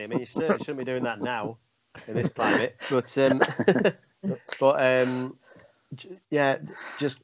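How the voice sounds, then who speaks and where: A man's voice: medium pitch, unhurried. A man who works as a comedian, chatting casually in a rambling, self-mocking, jokey way. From United Kingdom. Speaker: comedian guest. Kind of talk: casual podcast chat. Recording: dull lo-fi call audio.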